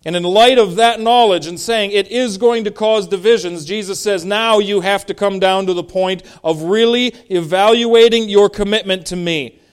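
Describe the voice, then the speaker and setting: Man preaching with a smooth, fairly high voice. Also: moderate pace, few pauses. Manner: expository preaching, reading verses and explaining them, emphatic in places. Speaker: pastor. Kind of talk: sermon.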